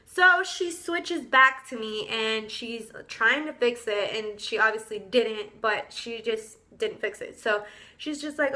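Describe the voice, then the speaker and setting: Bright, high-voiced young woman vlogging. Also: slow pace. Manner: animated, indignant, casual slang. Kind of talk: storytime vlog.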